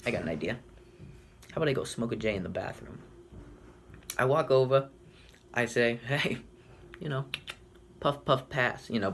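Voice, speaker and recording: A young man telling a rambling, deadpan comic story in a casual way, full of fillers and swearing. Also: lowish voice, slight background noise. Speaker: comedic storyteller. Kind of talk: deadpan comedic monologue.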